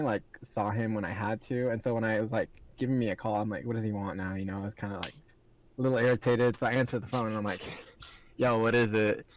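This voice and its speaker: A man's voice: mid-range voice, a little mellow, rough recording. A young man co-hosting a casual podcast, telling a story and laughing as he goes. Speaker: podcast co-host.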